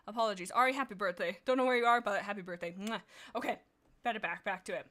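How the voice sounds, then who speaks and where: A woman's voice: mid-range voice, fast, fairly bright tone. A woman hosting a livestream, chatting casually and reading aloud with bubbly, rambling asides. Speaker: livestream host.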